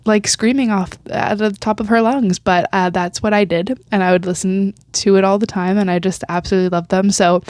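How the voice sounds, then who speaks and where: A woman's voice: mid-range voice, steady tone, fairly quick, hardly any pauses, a little mellow, no echo. A young woman hosting a solo podcast, chatting in a rambling, casual way with frequent laughs and fillers, getting teary as she talks. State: teary and emotional. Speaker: podcast host.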